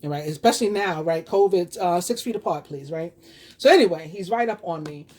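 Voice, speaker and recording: With a darkish tone and a voice on the low side, this woman in her fifties talks a little fast. A tarot reader from New York with the accent to match, she rambles chattily through a personal story for her viewers, full of fillers and restarts.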